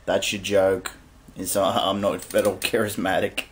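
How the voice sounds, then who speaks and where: A man's voice: low-pitched, flat delivery, a little slow, a little hiss or hum. An Australian man with an Australian accent, answering a review in a dry, wry way with frequent hesitations. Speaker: guest responding to the review.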